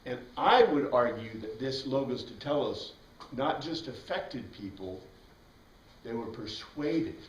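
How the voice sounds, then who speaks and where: A man teaching a Bible class, lecturing in an animated way and asking the class questions. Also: mid-range voice. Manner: animated, asks the class questions, frequent "right?". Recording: echoey room, from a distance.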